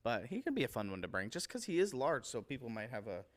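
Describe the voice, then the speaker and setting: A man chats casually on a livestream, rambling and enthusiastic, often stumbling over names. His voice sits at a medium pitch, like most men's. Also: big pitch swings, fast. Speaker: livestream host showing painted miniatures.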